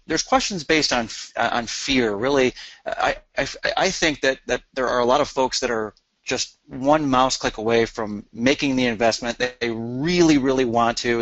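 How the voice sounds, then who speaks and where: A man's voice: medium pitch, creaky, fairly bright tone, no echo, highs cut off. A man co-hosting a webinar, talking casually and often repeating words as he starts. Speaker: webinar co-host. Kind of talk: casual chat.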